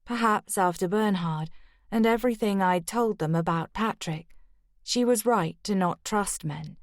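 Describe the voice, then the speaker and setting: A woman reading a first-person mystery audiobook in a steady, measured way. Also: mid-range voice, no room sound, studio quality. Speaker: audiobook narrator.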